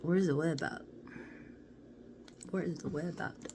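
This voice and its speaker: Low-voiced woman doing a playful card reading. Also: a little slow. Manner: playful, chatty, drifts into soft half-whispers. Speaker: card reader. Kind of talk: casual card-reading vlog. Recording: steady background noise.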